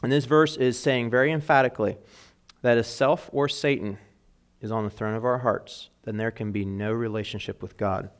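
A man preaching a sermon in an earnest way, rising in emphasis and dropping to quiet asides, and reading scripture aloud with weight. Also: medium pitch, fairly even intonation, normal speed, clean tone. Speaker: pastor.

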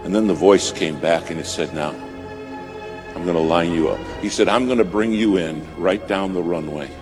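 A man preaching a sermon, telling a story with dramatic swings from loud to hushed. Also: low voice, moderate pace. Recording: music bed behind voice.

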